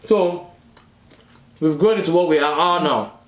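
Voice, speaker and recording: Slightly high-voiced guy, preachy marriage coach vibe, echoey room. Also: a little slow. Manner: earnest, preachy, repeats "okay?" to the viewers. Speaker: relationship and marriage coach, co-host. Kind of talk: casual mukbang chat.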